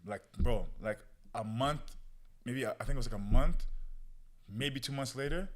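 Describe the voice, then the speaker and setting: A young man guesting on a podcast tells a personal story in casual slang, constantly saying "bro" and "yo" and reliving moments by quoting what he said to himself back then. His voice is mid-range at a moderate pace, with a little hiss or hum in the recording.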